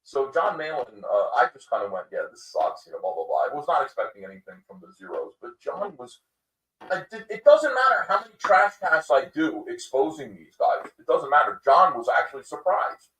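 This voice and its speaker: A man's voice: on the high side, sing-song, a little fast, a bit bright. A man hosting a livestream podcast, ranting in casual commentary with lots of fillers and mocking quoted voices. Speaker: podcast host. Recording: echoey room, distant mic.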